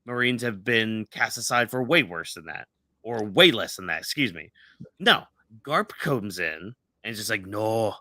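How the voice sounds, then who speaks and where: A man's voice: on the low side, expressive, measured pace, pushed and bright, dry recording, clean studio sound. Rambling man chatting as podcast co-host. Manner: rambling, many "like" fillers and restarts. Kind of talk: casual fan discussion.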